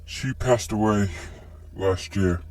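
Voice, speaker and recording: Man voicing a quiet withdrawn teen boy. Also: lowish voice, slow pace, recorded from a distance. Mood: subdued.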